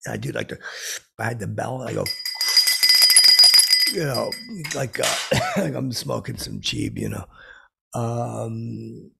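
A man's voice: mid-range voice, big pitch swings, takes it slowly, vocal fry, long pauses, very noisy. A middle-aged man hosting a comedy podcast, telling a rambling comic story full of fillers and profanity.

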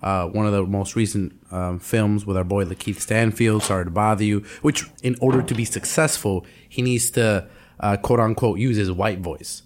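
A young man with a lowish voice speaks at a moderate pace, with a little hiss or hum in the recording. Co-hosting a laid-back podcast, he animatedly shares work stories and acts out the people involved.

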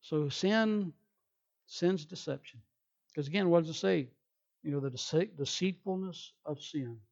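A man's voice: fairly high pitch, measured pace, creaky, a little mellow, muffled recording. A male pastor preaching a sermon emphatically, acting out people's excuses in quoted voices.

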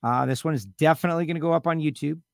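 A man's voice: fairly high pitch, racing, creaky, dry recording, clean studio sound. A man hosting a radio talk show, chatting casually and teasing his co-host with rambling asides.

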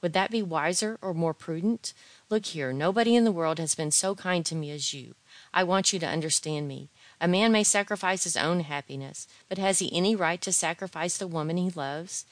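A woman's voice: lowish voice, normal speed, no echo, close to an everyday voice. A woman reading aloud, voicing an earnest young man who pleads fervently for the woman he loves.

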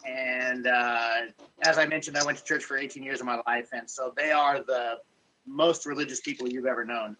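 A man's voice: medium pitch, fairly even intonation, moderate pace, pushed and bright, slight background noise, rough recording. A middle-aged man who is a listener guest, chatting casually and hesitating with fillers. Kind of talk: casual chat.

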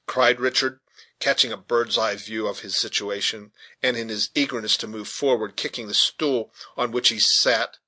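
A man reading a classic novel aloud with expressive, animated storytelling. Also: lowish voice, moderate pace. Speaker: audiobook narrator.

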